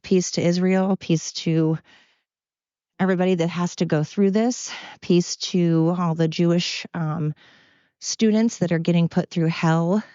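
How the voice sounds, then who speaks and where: A woman's voice: lowish voice, fairly even intonation, unhurried, warm tone, smooth, no echo. A woman hosting a solo podcast, ranting bluntly and profanely in a heated, repetitive way while walking around outdoors. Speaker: podcast host. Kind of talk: casual opinion rant, solo podcast. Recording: dull, lo-fi, dry sound.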